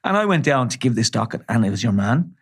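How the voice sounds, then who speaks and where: A man's voice: mid-range voice, very animated. Earnest middle-aged Irish man telling stories. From Ireland. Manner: measured, frequent restarts, earnest. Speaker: charity chief executive, interview guest. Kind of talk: reflective storytelling interview.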